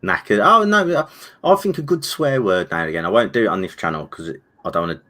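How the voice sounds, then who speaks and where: A man with a Birmingham accent, hosting a casual live stream chat, animated and repeating his words. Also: on the low side, fast talker. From Birmingham, England. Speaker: channel host.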